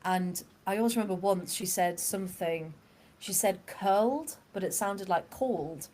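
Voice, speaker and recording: Woman co-host, slightly low pitch, easygoing and chatty, quick to laugh. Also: fairly even intonation, darkish tone. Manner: chatty, laughs often, many fillers. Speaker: podcast co-host. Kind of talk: casual football podcast chat.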